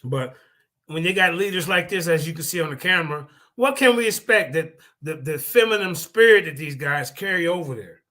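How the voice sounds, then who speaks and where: Brash high-voiced man ranting loudly. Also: lively intonation, normal speed. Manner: brash, taunting, swings from mutters to shouting. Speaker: debate livestream host. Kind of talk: heated livestream commentary.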